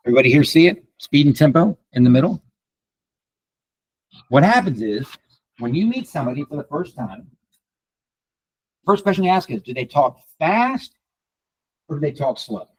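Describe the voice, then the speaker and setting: A man teaching a live workshop to a room of colleagues, talking fast and asking the audience questions. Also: a little high, slightly rough, low-quality recording. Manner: fast, animated, addresses the room directly. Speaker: real estate trainer.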